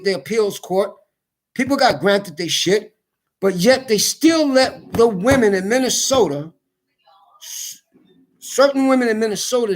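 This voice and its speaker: A man's voice: high-pitched, fairly bright tone. A middle-aged man ranting in a casual, profane monologue, blunt and repetitive, full of slang. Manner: repeats himself, emphatic. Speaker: video ranter.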